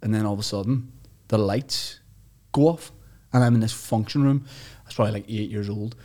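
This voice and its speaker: An Irish comedian in his thirties appears as a guest on a podcast, recorded in the studio. He swears freely while spinning animated stories in relaxed conversation, his lowish voice moving fairly quickly.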